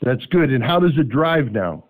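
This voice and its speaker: Lively male call-in show host. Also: medium pitch, normal speed, poor audio. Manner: lively, joking, asks probing questions. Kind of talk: call-in radio talk.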